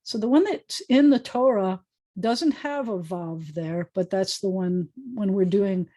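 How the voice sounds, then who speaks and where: A woman's voice: medium pitch, measured pace, warm tone, no echo. An American woman rabbi teaching a Hebrew class over a video call, chatty, telling stories with frequent restarts. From United States. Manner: chatty, storytelling, self-correcting. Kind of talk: online class lesson.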